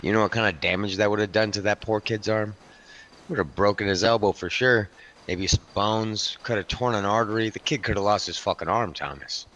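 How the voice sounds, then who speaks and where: A man's voice: lowish voice, fairly quick, a bit bright, dull audio, natural voice. A man role-playing a hardened, foul-mouthed biker club enforcer, rambling through a story and calling the listener by name. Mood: grim storytelling. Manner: keeps addressing the listener by name. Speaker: roleplay character telling a story. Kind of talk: improvised game role-play storytelling.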